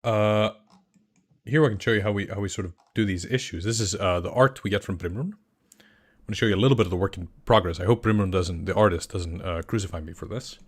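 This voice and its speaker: Excitable rambling man from Iceland. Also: deep voice, brisk, breathy edge. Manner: rambling and excitable, many restarts. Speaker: game master and channel creator. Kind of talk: casual livestream chat answering questions.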